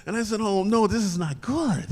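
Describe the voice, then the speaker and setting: A man's voice: high-pitched, expressive, moderate pace, darkish tone. An older man with a somewhat raised voice spins a chatty story for a live crowd, chuckling as he goes. His voice rings with a long reverb from the club venue. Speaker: guest, former football player. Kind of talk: anecdote told to a live audience. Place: club room at a live show event.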